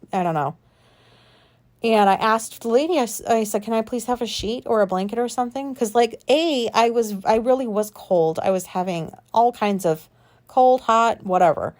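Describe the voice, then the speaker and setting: Grown woman vlogging, rambly and sweary, lots of likes and ums, mid pitch. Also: darkish tone. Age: adult. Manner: rambling, swears freely, many filler words. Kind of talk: casual personal storytelling.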